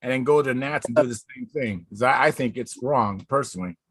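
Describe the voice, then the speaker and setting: A man chatting casually with friends on a video call, telling stories with animated, acted-out quotes. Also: medium pitch, a little fast, slightly rough, no echo. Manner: animated storytelling, acts out quotes loudly. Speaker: video hangout participant, contest pilot. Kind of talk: casual group chat.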